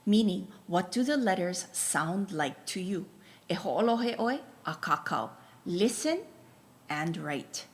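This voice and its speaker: A woman teaching a Hawaiian pronunciation lesson, patiently spelling out each letter and telling learners to write it down. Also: lowish voice. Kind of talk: slow, deliberate language lesson.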